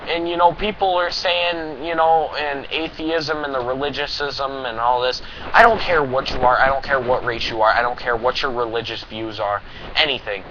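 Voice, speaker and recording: Teen boy, cursing, rambling rant, dull lo-fi sound, clear hiss behind. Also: mid-range voice, fairly even intonation, moderate pace, pushed and bright. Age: teens. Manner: profane, rambling, emphatic ranting. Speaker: vlogger. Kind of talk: anti-bullying rant to camera. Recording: dull lo-fi recording with clear noise.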